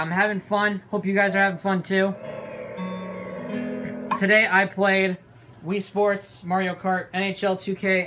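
A young adult with a nearly lost, hoarse voice gives excitable let's-play commentary, swearing loudly at the game. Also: medium pitch. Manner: loud outbursts and heavy swearing at the game. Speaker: gaming channel host. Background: game music.

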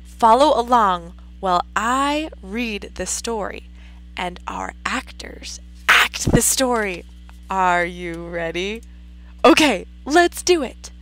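A woman teacher reading a story aloud to a class, animated and expressive, stopping to ask questions. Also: mid-range voice, slow, rough recording.

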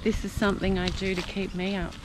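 A woman's voice: mid-range voice, flat delivery, quick pace, heavy background noise. A woman hosting her own spiritual vlog outdoors, chatty and self-amused, at times tearful and emotional. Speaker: channel host. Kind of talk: spiritual vlog, talking to camera. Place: outdoors, driving around hills.

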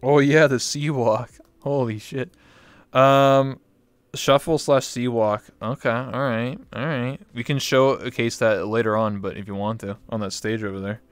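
On a virtual reality chat stream, a male talk show host interviews a guest in casual conversation, joking crudely and swearing a lot. His mid-range voice is clear and resonant, with fairly even intonation, a slightly slow pace, and no echo.

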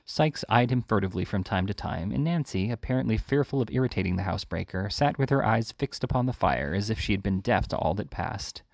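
A man reading a classic novel aloud in a steady, plain storytelling manner. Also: on the low side, brisk, vocal fry, hardly any pauses, dry recording, clean studio sound. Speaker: reader.

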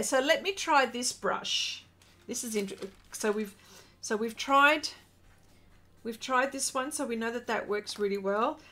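A middle-aged woman hosting an art livestream, chatting casually, excitable and reading viewer comments aloud as she paints. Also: mid-range voice.

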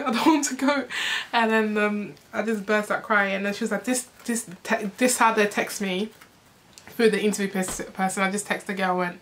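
A young woman tells a storytime to camera, casual and animated, acting out what people said and laughing often. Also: mid-range voice. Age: young adult. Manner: animated, acts out quoted voices, frequent laughs and "like". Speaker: vlogger.

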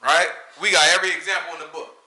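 A man teaching scripture in an informal, conversational sermon, slangy and animated, often checking in with "right?". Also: a little high, rapid-fire, echoey room. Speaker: teacher leading a scripture study.

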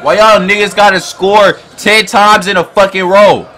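Hyped, loud man reacting to basketball. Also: high voice, steady tone, moderate pace. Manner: loud, profane, hyped, often shouting at the screen. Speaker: reaction video host. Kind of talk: excited basketball reaction commentary.

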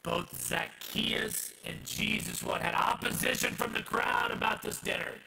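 A man preaching a sermon as pastor, swinging from hushed asides to loud shouted passages. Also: high-pitched, a little slow, vocal fry, hardly any pauses, faint music behind, low-quality recording.

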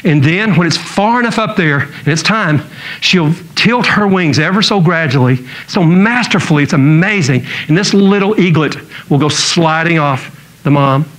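A man's voice: on the high side, normal speed, fairly bright tone, low-quality recording. A man preaching a sermon in a church, telling stories in a joking way and acting out the people he quotes. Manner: storytelling, jokey, acts out quotes. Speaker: pastor.

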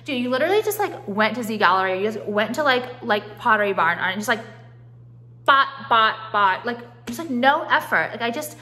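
A young woman vlogging casually at home on a phone camera, swearing often and talking in quick, restarting bursts full of "like". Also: on the high side, very animated, bright, forceful tone, soft background music. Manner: chatty, profane, full of "like" and restarts. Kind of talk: casual vlog chat. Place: at home, walking through rooms.

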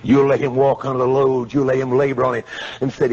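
A man preaching a revival sermon, swinging from quiet pleading to shouting. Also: mid-range voice, little pitch movement, fast. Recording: muffled lo-fi sermon tape.

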